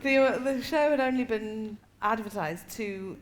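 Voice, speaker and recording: A woman stand-up comedian, a guest on a live comedy chat show, telling animated stories and laughing often. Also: fairly high pitch, a little slow, slight background noise.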